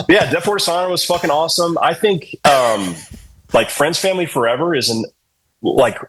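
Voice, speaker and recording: A middle-aged man with a husky, slightly rough voice tells stories in a loose, profane, joking way. He sounds like a guest chatting casually on a podcast, relaxed and unscripted. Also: a little high, a little fast, low-quality recording. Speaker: podcast guest, hardcore vocalist. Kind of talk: casual storytelling interview.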